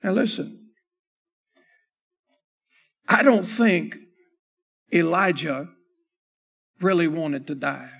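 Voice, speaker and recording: High-voiced preaching pastor, man. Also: lively intonation, slow, creaky, pauses often, long reverb tail. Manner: preaching with rising shouts and sung phrases. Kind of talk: sermon. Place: church sanctuary.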